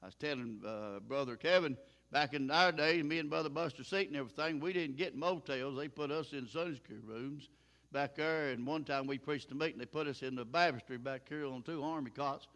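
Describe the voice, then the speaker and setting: A man's voice: mid-range voice, fairly quick, fairly bright tone. An older man preaching a sermon in a folksy, plain-spoken way, chuckling now and then.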